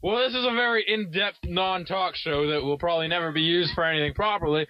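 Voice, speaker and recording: A man's voice: high-pitched, fast, slight background noise. Young man playing a mock-formal talk show host. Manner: mock-formal interviewer, addresses the guest as sir. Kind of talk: improvised comedy sketch. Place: inside a parked car. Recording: slightly dull lo-fi sound.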